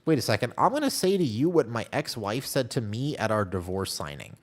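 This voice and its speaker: Male streamer, animated pitch, loose rambling self-mocking chatter, talks back to chat at his home desk mic. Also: fairly quick. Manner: rambling, self-deprecating storytelling; reads chat messages aloud and answers them. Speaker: game streamer. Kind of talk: casual live-stream chat.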